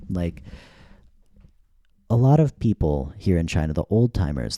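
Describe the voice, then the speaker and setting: Man, low voice, very mellow, dry close sound, casual digressive podcast talk. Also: no echo. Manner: casual, digressive, thinking aloud with restarts. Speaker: podcast host. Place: living in China.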